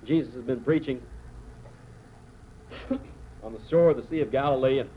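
A man preaching a sermon, telling the story dramatically with slow, emphatic phrases. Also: medium pitch. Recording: tinny phone-like sound with faint noise.

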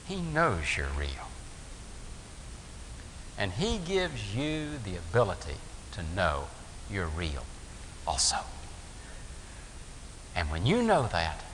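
A preacher delivering a sermon, telling stories and acting out the voices in them. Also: male voice, low voice, wildly swooping pitch, takes it slowly, long pauses. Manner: storytelling, acts out voices in anecdotes. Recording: echoey hall with faint hiss.

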